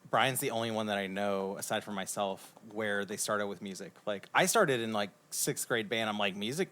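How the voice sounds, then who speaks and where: A man's voice: fairly low pitch, normal speed, fairly bright tone. A man in a band telling a story in a laid-back, rambling way. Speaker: band member. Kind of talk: casual chat.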